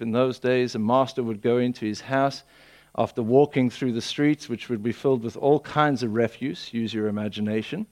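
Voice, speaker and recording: A man preaching a sermon, telling the story with lively voicing of people. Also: medium pitch.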